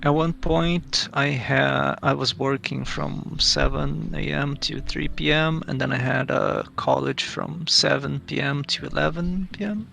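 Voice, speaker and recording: Very gravelly, bright-toned man. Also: a little high, fairly even intonation, a little slow, hardly any pauses, faint music behind. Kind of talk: casual chat while gaming.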